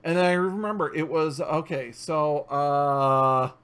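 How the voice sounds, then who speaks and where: A man's voice: a little high, fairly even intonation, slow pace, a bit bright, smooth. A man hosting a podcast in casual chat, blunt and teasing, swearing freely. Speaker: podcast host.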